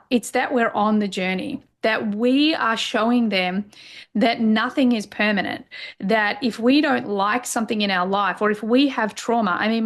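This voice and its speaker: A middle-aged woman coach, a podcast guest, sharing personal stories openly and emotionally, with lots of fillers. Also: medium pitch. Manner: open and emotional, many fillers. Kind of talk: candid personal conversation.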